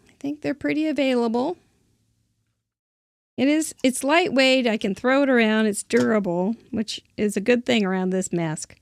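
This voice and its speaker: A woman hosting a live crafting show, chatting casually while she works and laughing often. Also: mid-range voice. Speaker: host.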